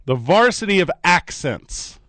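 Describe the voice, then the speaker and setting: A man in his sports radio studio, trading quick, joking banter with his co-host. His voice sits fairly high and swings widely. The sound is dry and close. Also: no room sound. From American Midwest. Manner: animated, quick, joking delivery. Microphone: studio microphone.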